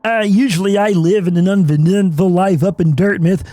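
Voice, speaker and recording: A hoarse man voicing a nerdy old male bug shopkeeper in a fussy put-on voice, reading game dialogue aloud. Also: high voice, steady tone, normal speed, mellow, natural voice. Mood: polite. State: hoarse from illness.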